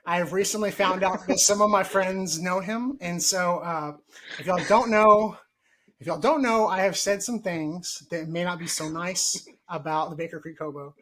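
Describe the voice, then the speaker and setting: A man's voice: high-pitched, steady tone, normal speed, a bit bright. A man hosting a casual gardening podcast, joking and mock-formal. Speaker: podcast host.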